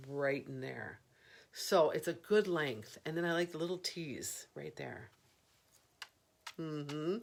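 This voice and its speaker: A woman's voice: deep voice, gravelly, background noise. A middle-aged woman hosting a live jewelry sale, chatting, rambling and laughing easily as she shows each piece. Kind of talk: live shopping stream chat.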